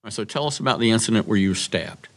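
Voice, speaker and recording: A man, an attorney, asking a witness measured, probing questions in a courtroom. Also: fairly low pitch, expressive.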